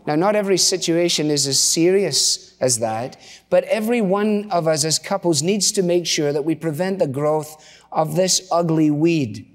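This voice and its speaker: A middle-aged male pastor, voice a little high and at a normal speed, preaches in a church with a relaxed storytelling style and offhand asides. Long church reverb trails his words.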